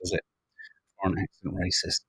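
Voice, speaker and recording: Husky-voiced man chatting wryly. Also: sits low, monotone, moderate pace, a bit bright, no room sound, low-quality recording. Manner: chatty, wry, reads out viewer comments. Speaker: podcast host reading the papers. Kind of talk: casual chat.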